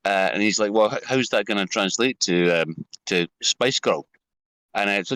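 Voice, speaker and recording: A man's voice: fairly low pitch, normal speed, a bit bright, dry recording, poor audio. A man telling a rambling, sweary story in casual chat on a livestream panel. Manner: rambling, sweary, full of fillers.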